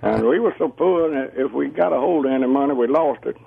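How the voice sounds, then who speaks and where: A man calls in to a radio show. His voice is gravelly and a little husky, and he talks slowly and warmly. It comes over a dull, muffled phone line. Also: mid-range voice, no echo. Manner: slow, friendly, chuckling. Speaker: radio caller.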